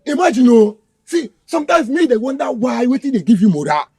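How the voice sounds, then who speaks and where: A coarse, mocking kidnapper growls threats in a Nigerian Pidgin accent. His husky voice sits high and swings wildly as he taunts his captive. The sound is close and dry. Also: very animated, fast, dry recording, heavily acted. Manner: threatening, taunting, shouting orders. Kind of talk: Nollywood film acting.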